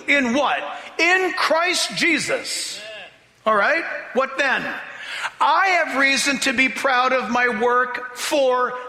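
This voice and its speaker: A man preaching a sermon in a church, emphatic and animated, slowing down to read scripture and breaking into mocking voices. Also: extremely high pitch. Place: church sanctuary. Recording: long reverb of a hall.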